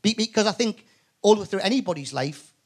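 Geordie comic, male, higher voice, lively raconteur who trips over his words. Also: fast. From north-east England. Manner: animated storyteller, frequent stammered restarts, swears. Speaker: comedian guest. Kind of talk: live podcast chat. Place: comedy club stage.

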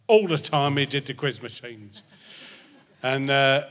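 A man's voice: mid-range voice, a little slow, fairly bright tone. A man as a guest, telling a meandering anecdote and losing his thread, into a handheld mic on a theatre stage. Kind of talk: rambling anecdotal storytelling. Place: theatre stage before a live audience. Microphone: handheld microphone. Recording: reverberant theatre hall.

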